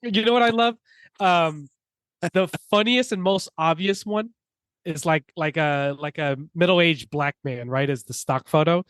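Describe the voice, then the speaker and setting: A rambling podcast host, a man with a fairly high voice, talking loosely through his points with a lot of filler. His sound is dry and close to the mic. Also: a little slow, a bit bright, clear, resonant tone, no room sound. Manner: rambling, heavy on fillers and restarts. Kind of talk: casual chat.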